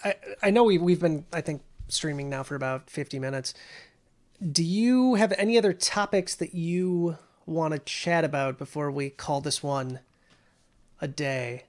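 A man with a somewhat high voice co-hosts a casual stream. He answers in short, easygoing replies. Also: moderate pace. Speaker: stream co-host. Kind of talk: casual chat.

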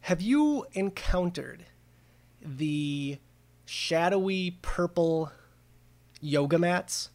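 A man's voice: on the high side, expressive, drawn-out words, long pauses, a little mellow. A man co-hosting a casual podcast, easygoing and modest, with frequent ums. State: winded after exercise. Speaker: podcast co-host.

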